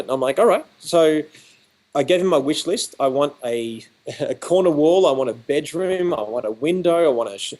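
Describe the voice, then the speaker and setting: A man's voice: medium pitch, expressive, a little fast, darkish tone. A man with an Australian accent, a photography educator, chatting on a video call and acting out quoted exchanges as he talks. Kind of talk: animated conversational storytelling.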